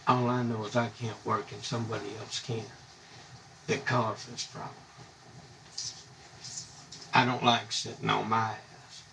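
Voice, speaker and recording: Gravelly man ranting live. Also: lowish voice, level tone, a little slow, long pauses, recorded from a distance. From United States. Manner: blunt, indignant, rambling. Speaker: live streamer. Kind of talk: angry live-stream rant. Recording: voice a bit off-mic, faint background hum.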